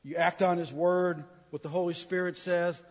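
A man's voice: high-pitched, level tone, normal speed. A man preaching a humorous sermon, teasing the congregation and acting out grumbling complaints. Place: church sanctuary. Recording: reverberant church hall.

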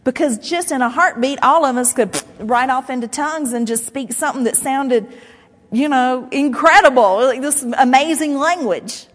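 Lady pastor preaching, chatty and lively, voice rings out in a big church hall. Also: sits high, moderate pace. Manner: conversational, animated preaching with made-up syllables. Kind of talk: sermon. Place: church sanctuary. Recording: long hall reverb.

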